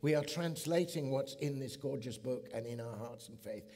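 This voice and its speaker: A middle-aged man from England giving an animated sermon as a guest preacher, building to emphatic peaks. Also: mid-range voice, moderate pace. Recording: long hall reverb.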